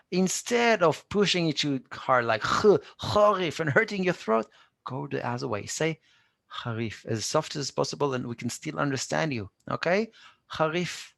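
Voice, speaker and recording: An Israeli man leads a live online language lesson, speaking slowly and repeating each word with patience. His voice has a gravelly edge at a middle pitch, and the sound is dry and close to the mic. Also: fairly bright tone, no room sound. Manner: patient, repeats words slowly, answers students by name. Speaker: Hebrew teacher.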